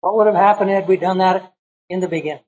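A man's voice: high-pitched, quick pace, a little mellow, poor audio. A middle-aged man, a pastor, telling a personal story in a sermon in a folksy, conversational way, acting out the people he quotes.

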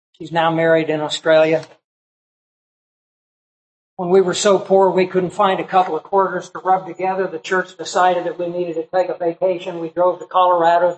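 A man's voice: high voice, low-quality recording. A middle-aged man, a pastor, telling a personal story in a sermon in a folksy, conversational way, acting out the people he quotes.

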